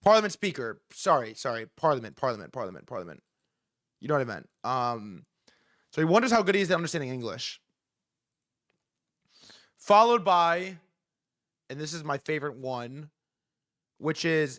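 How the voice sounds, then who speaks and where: A young man in his twenties hosting a live stream, talking in a profane, excitable, rambling way. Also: on the high side, normal speed, long pauses, no room sound, studio quality. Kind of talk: casual live commentary.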